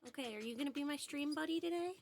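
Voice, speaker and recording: A woman with a slightly high voice chats casually to her livestream audience from home. She keeps slipping into a soft, cooing tone, as if soothing a pet. She speaks into a desk microphone. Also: racing, gravelly. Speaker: streamer. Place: at home indoors.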